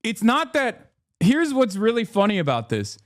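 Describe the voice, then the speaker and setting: A man's voice: high-pitched, wildly swooping pitch, moderate pace, dry recording, clean studio sound. A man streaming heated political commentary, talking indignantly with frequent restarts and fillers.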